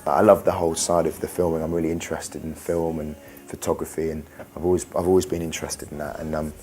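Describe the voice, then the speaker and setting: A young pop band member with a bass voice talks fast, with little pitch movement and a darkish tone. In this interview he is earnest and rambling, restarting often, while faint music plays behind him.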